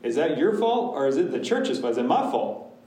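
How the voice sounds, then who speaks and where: A man's voice: medium pitch, very animated, a little fast, dark tone. A man, a pastor, answering a church class's questions in a candid, casual way, with many restarts. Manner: candid, talks in restarts and asides. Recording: echoey room, voice from a distance.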